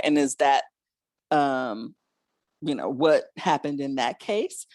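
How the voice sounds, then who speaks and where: A woman's voice: sits low, no echo. A woman hosting a podcast, chatting reflectively and laughing between thoughts. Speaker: podcast host. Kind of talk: casual podcast discussion.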